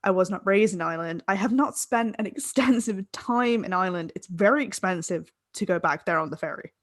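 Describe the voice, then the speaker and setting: A woman's voice: medium pitch, a little fast, no room sound. Tipsy woman podcast host from england, mid voice, laughs through her sentences, dead dry sound. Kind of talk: casual chat.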